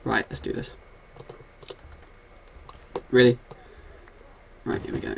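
A man giving casual, excitable commentary while playing a video game, scolding and swearing at the monsters on screen. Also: slow pace, slight background noise. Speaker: gaming video host.

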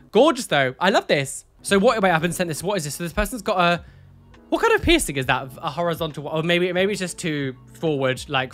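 A man's voice: on the high side, a bit bright. A young man hosting a casual reaction video, camp and flamboyant, with playful exclamations. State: out of breath. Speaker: host.

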